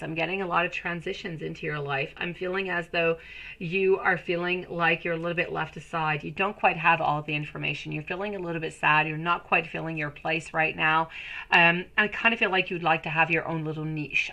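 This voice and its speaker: A woman's voice: on the low side, bright, forceful tone, low-quality recording. A woman giving a live-stream tarot reading, soothing and rambling, often calling viewers sweetie. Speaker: tarot reader.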